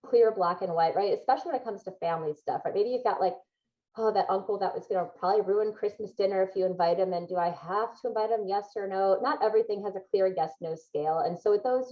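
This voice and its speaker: Woman guest, emphatic and upbeat, advice-giving, muffled lo-fi sound. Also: mid-range voice. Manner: emphatic, upbeat, laughs between points. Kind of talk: podcast interview, giving advice.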